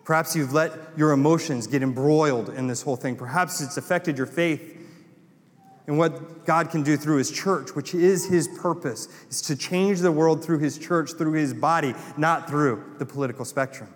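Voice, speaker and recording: Impassioned Southern pastor in a reverberant hall. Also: male voice, a little high, normal speed. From North Carolina. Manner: impassioned, builds to emphatic repeated lines. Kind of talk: sermon.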